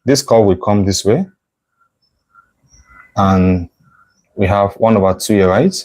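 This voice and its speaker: A man's voice: fairly low pitch, takes it slowly, a little mellow, rough recording. A male math tutor teaching a live online lesson, thinking aloud as he sketches a curve, correcting himself and checking in with "right?".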